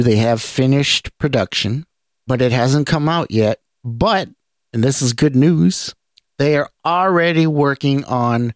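A man hosting a geek news podcast, talking in a relaxed, rambling way with restarts. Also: medium pitch, no echo, clean studio sound. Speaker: podcast host. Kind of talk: casual news roundup.

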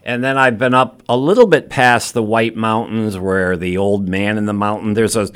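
Man, radio talk show host, low voice, easygoing, rambling, studio mic. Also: fairly even intonation, normal speed, fairly bright tone, clear, resonant tone. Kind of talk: casual on-air chat.

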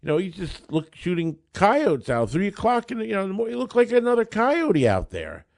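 A man voicing another man who apologizes for shooting a neighbor's dog, flustered and raised in pitch. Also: wildly swooping pitch, a little fast, creaky, full character voice. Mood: apologetic.

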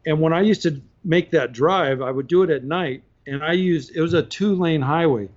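A man telling a story on a podcast in a casual, animated way, laughing between points, heard on slightly dull audio. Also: a little high, moderate pace. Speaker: podcast guest.

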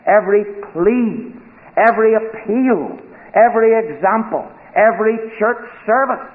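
A man preaching a sermon to a congregation, solemn and emphatic, sinking to a hush for weight. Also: sits high. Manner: slow, solemn, emphatic delivery with dramatic drops to a hush. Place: church. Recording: tinny phone-like old sermon tape.

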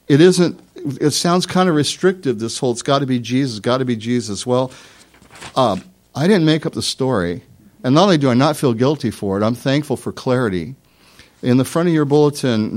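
A man delivers a sermon in an easy, storytelling way, as a pastor talking straight to his listeners. His voice sits in an ordinary middle pitch. He drifts from soft, low-key moments into strong, emphatic stretches. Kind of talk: conversational sermon.

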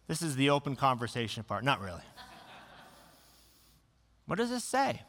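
A man's voice: medium pitch, wildly swooping pitch, normal speed, fairly bright tone, big-room sound, a little hiss or hum. A man preaching a sermon, reading scripture and talking with his listeners in a conversational, joking way. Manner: conversational, humorous, reads scripture aloud. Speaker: pastor.

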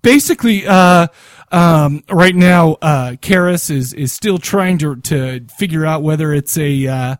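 A man's voice: a little high, measured pace, dry recording, clean studio sound. A man co-hosting a casual podcast, talking in a laid-back, rambling way, full of fillers and "man". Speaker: podcast co-host.

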